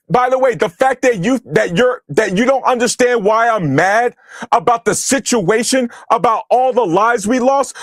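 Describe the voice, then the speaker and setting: Studio-quality audio with no echo captures a US man with a very high voice, hosting a livestream and profanely ranting at his chat while berating commenters.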